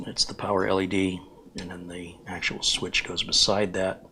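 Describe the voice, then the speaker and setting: A man's voice: deep voice, flat delivery, moderate pace, pushed and bright, slight background noise. A man hosting a hands-on computer build tutorial, explaining each step plainly and giving firm opinions. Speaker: computer technician host.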